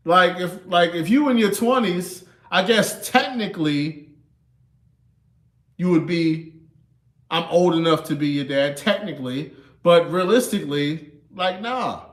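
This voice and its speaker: This man's voice sits high and unhurried, echoing in the room as he hosts a casual livestream. In his thirties and easygoing, he chuckles often and keeps adding "you know" and "man" to his lines.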